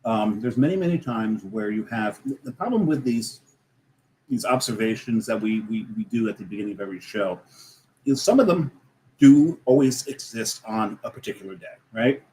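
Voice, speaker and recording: A man's voice: lowish voice, animated, moderate pace, warm tone, slight background noise, rough recording. A man co-hosting a casual talk show who explains things at length in a methodical way. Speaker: co-host. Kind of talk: casual chat.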